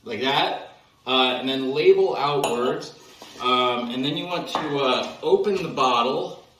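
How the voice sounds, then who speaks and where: A man's voice: medium pitch, measured pace, noisy background. A man hosting a sponsored bit on video, talking hesitantly with many ums and uhs. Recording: echoey room, far from mic.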